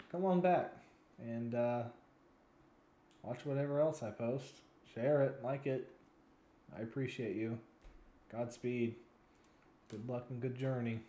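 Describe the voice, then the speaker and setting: A man's voice: medium pitch, dark tone, roomy sound, a little hiss or hum. A man in his twenties giving rambling, frustrated commentary as a news vlogger, sounding weary and yawning now and then. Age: 20s.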